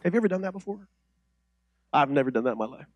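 Animated man preaching, husky and high. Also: fast, dry recording. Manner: animated, swings from loud declarations to quiet intimate asides; conversational, with frequent restarts and rhetorical questions. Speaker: pastor. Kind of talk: sermon.

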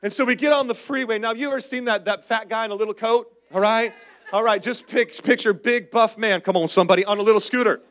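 A man's voice: sits high, fast talker, fairly bright tone. A man in his forties, a pastor telling a humorous personal story in a sermon and calling out to the congregation.

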